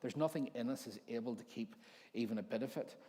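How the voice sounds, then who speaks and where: Northern Irish male pastor, 40s, mid-pitched, chatty storytelling sermon. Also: fast talker, dark tone, big-room sound. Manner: jokey storytelling, acts out overheard voices. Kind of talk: conversational sermon. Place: church hall.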